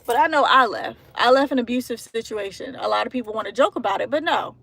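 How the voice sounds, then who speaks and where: A woman's voice: fairly high pitch, fast, vocal fry. A woman in her thirties talking earnestly and emotionally into a handheld phone, rambling with restarts in a casual vlog. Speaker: vlogger. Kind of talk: casual heartfelt monologue vlog. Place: out and about, walking into a store. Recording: phone recording with loud traffic noise.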